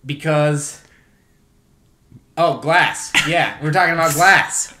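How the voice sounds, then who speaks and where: Young guy riffing on a podcast, kinda high voice, super bright, swears a ton. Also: takes it slowly, a little hiss or hum. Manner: rambling, joking, swears a lot. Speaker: podcast co-host. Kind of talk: casual comedy chat.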